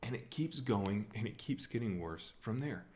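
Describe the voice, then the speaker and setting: A man from the USA giving a humorous talk on scripture at a church, telling the story in a wry, animated way. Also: fairly low pitch, normal speed. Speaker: church speaker.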